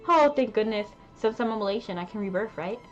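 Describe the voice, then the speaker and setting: A woman's voice: mid-range voice, expressive, fast, faint music behind, lightly acted. Lady putting on a sweet little girl voice, chatty and bouncy, dull lo-fi audio. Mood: innocent. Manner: light, bouncy, bright lilt. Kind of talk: reading game dialogue aloud.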